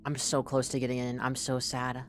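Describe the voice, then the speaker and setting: A woman streamer giving live commentary as she plays a game, reacting out loud, swearing and reading in-game text aloud. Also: rumbling low, completely flat delivery, moderate pace.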